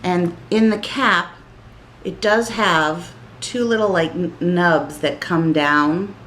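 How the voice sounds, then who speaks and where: A woman's voice: fairly low pitch, takes it slowly, a bit bright, a little hiss or hum. Chatty woman rambling while doing makeup. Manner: chatty, rambling, giggly and flustered. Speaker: vlogger.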